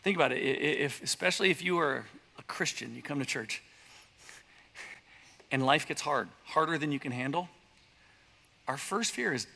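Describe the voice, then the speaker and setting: Animated preaching man in a church hall. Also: a little high, vocal fry. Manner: animated preaching with voiced asides and quick impressions. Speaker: pastor. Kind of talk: sermon. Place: church sanctuary.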